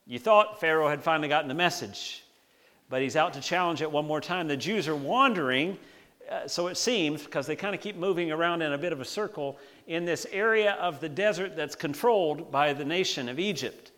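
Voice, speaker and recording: A man preaching a sermon: he reads a scripture passage, then explains it in a relaxed, conversational way, and he often slows down to stress key words. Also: on the high side. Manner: conversational, animated preaching with slowed emphasis. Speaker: pastor.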